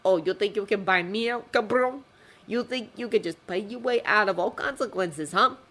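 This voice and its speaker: A woman's voice: medium pitch, moderate pace, a bit bright, pitched above the performer's own voice, natural voice. A woman voicing a cold, cruel vigilante who mocks and threatens. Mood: menacing. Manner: menacing, mocking. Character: menacing vigilante cabbie, young man, cold and cruel.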